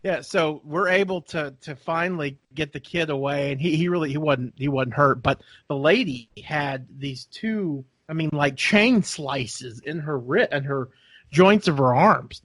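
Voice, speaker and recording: A man's voice: fairly high pitch, unhurried, fairly bright tone, no echo. A man co-hosting a podcast, telling a long rambling story in casual chat and acting out the people in it. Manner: rambling storyteller, acts out voices, laughs often. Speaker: podcast co-host.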